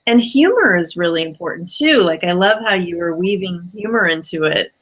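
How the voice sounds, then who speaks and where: A woman's voice: lowish voice, expressive, moderate pace, fairly bright tone, poor audio. A woman hosting an interview, asking questions and giving encouraging replies. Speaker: podcast host, interviewer.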